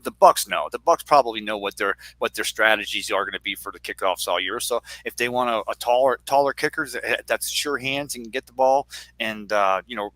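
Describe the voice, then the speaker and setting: Bright, dry-sounding man co-hosting sports talk. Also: lowish voice, no room sound. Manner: rambling, joking, searches for words. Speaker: co-host. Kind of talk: live-stream sports talk show.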